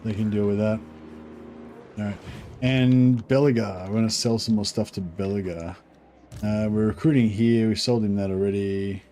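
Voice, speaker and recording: A man's voice: lowish voice, steady tone, normal speed, warm tone, a little hiss or hum. A man hosting a gaming channel, giving offhand commentary as he plays, thinking aloud and swearing now and then. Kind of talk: casual gameplay commentary.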